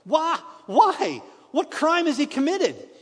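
A man's voice: high-pitched, big pitch swings, a little fast, voice pushed up. A man voicing a stern male Roman governor in a dramatic scripture reading, pressing and incredulous. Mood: questioning. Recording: long reverb with soft piano.

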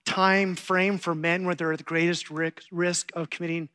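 A middle-aged man with a voice on the high side preaches a sermon at normal speed. He tells stories with animation and acts out the quotes.

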